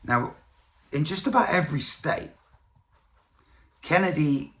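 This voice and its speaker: A man's voice: a little high, animated, unhurried, bright, forceful tone. A man from the UK giving casual, profane, rambling political commentary as a vlogger. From United Kingdom.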